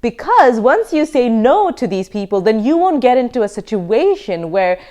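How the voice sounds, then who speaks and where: Emphatic woman self-defense teacher, lively pitch. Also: moderate pace. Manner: emphatic, energetic, laughs now and then. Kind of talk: online course lecture.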